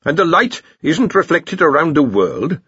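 A man's voice: on the high side, sing-song, a little slow, fairly bright tone, husky, dry recording, lo-fi sound, voice pushed up, exaggerated voice. Man doing a fretful fussy wizard. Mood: puzzled.

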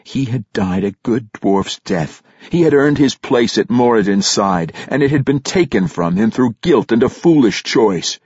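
A man narrating a fantasy audiobook in an expressive, dramatic storytelling manner. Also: medium pitch, unhurried, few pauses, husky, dry recording, highs cut off.

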